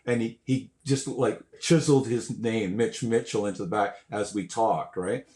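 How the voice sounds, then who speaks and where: An older man, a guest musician, telling stories in a casual way, animated and swearing, acting out quotes and sounds. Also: lowish voice, normal speed. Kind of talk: casual storytelling. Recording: roomy echo.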